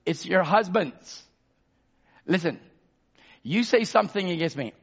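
A pastor preaching a sermon. He drops to a murmur, then shouts for emphasis and calls out to the congregation for amens. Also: lively intonation, measured pace, breathy edge, dull audio. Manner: swings between low murmurs and loud shouted emphasis.

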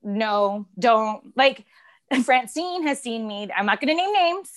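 Woman co-host, 30s, ex-wrestler; loose rambling live-stream chat, a touch high, swears freely. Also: lively intonation, moderate pace, fairly bright tone. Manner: chatty, rambling, laughs often, swears.

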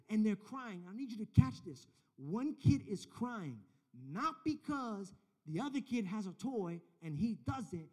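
A youth pastor preaching a casual, story-driven sermon. He acts out dialogue and builds to loud, emphatic points. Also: high-pitched, animated, normal speed.

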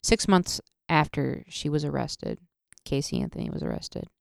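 A woman's voice: low-pitched, expressive, moderate pace, vocal fry, dry recording, clean studio sound. A woman hosting a solo podcast, ranting in an emotional, profane way, often stopping and restarting her sentences. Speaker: podcast host. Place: podcast studio.

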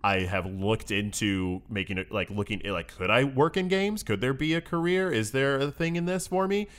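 A man's voice: medium pitch, moderate pace, a bit bright. A young man co-hosting a podcast in casual chat, rambling and self-mocking, laughing often. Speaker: podcast co-host. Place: room above a comic shop.

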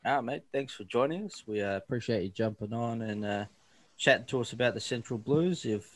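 A man's voice: medium pitch, brisk, no room sound. A man co-hosting a casual podcast, easygoing and matey as he welcomes a guest. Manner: laid-back, matey banter. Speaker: podcast co-host.

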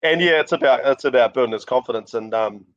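A man's voice: medium pitch, fast talker. A middle-aged New Zealand man tells stories with plenty of laughs as a podcast guest. His voice sits in a mid register. The sound is dull and lo-fi, with no room echo. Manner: animated storyteller, laughs often. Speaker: rally driver guest. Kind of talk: casual podcast interview.

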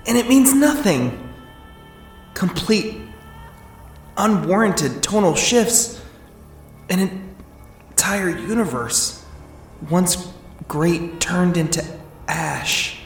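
A performer doing a slow deadpan young man. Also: medium pitch, vocal fry, soft background music, full character voice. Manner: deadpan, halting. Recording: roomy echo.

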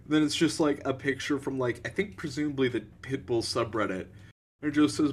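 A young man co-hosting a podcast, chatting casually, laughing often and stumbling over fillers. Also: medium pitch. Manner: giggly, halting, lots of likes and ums. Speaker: podcast co-host. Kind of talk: casual chat.

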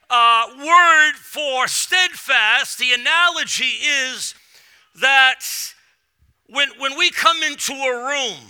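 A middle-aged man from Massachusetts preaching a sermon from a church platform, swinging between shouted bursts and quiet storytelling. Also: extremely high pitch, smooth. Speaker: guest preacher.

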